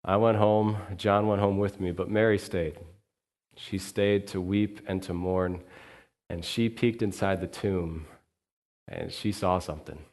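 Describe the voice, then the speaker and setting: A male minister giving an earnest first-person sermon monologue in character, quiet and reflective in the sad parts, lively when the story turns. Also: low-pitched, measured pace. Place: church sanctuary.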